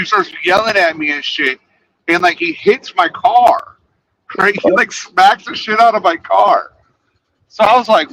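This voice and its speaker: A man chatting casually, rambling through a story, his voice fading quietly at the ends of his sentences. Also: high voice, animated, a little slow, rough recording. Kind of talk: casual chat.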